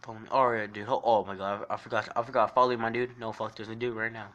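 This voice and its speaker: A man livestreaming a shooter game, rambling and swearing as he reads and answers his chat in a jokey, excitable way. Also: on the low side, fast talker, dull audio. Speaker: game streamer. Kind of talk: casual livestream commentary reading chat. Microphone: phone mic while gaming.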